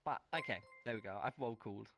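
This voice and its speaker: A man's voice: on the low side, fast, creaky, a bit bright, slight background noise. A male streamer in casual chat, playful and teasing as he greets his viewers.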